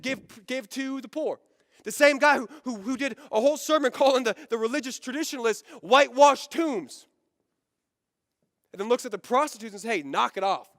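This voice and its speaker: Pastor guy, really high voice, fast punchy sermon w lots of "right?", close dry mic but long church reverb behind. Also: a bit bright. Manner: fast, emphatic preaching with frequent "right?" asides. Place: church sanctuary.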